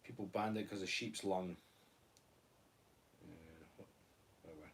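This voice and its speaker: A man's voice: low-pitched, slow pace, gravelly, recorded from a distance, slight background noise. A Scottish man co-hosting a live stream, joking and bantering as he reads out viewer comments. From Scotland. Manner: joking, playful, laughing banter. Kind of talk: casual live-stream chat reading comments.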